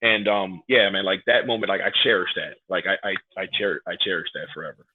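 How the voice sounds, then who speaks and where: A man's voice: low voice, quick pace. A man, a wrestler guesting on a podcast, telling a heartfelt story in casual, rambling talk full of "like" and "man". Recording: phone-like narrow band audio.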